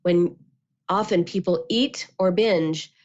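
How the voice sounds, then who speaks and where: A woman, a therapist and author, giving calm, measured answers as a guest and acting out quotes as she explains. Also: fairly low pitch. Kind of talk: interview answers. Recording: muffled lo-fi audio.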